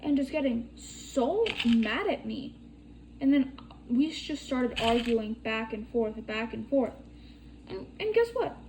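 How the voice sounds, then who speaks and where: Young woman rambling thru a craft tutorial, swears a lot, slow easy talk. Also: on the high side, lively intonation, background noise. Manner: chatty, swears casually, rambling storytelling. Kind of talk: casual chat while demonstrating bead crafting.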